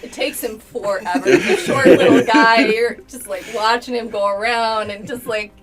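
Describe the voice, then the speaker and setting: A woman's voice: a little high, steady tone, moderate pace, distant mic, a loud crowd. A woman playing a tabletop game casually, hesitant and laughing as she talks. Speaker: player.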